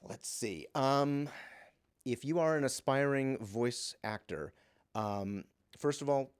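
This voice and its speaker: A man who works as a voice actor, answering interview questions in a relaxed, chatty way with lots of fillers and restarts, and telling lively anecdotes. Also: medium pitch, slow pace, clear, resonant tone.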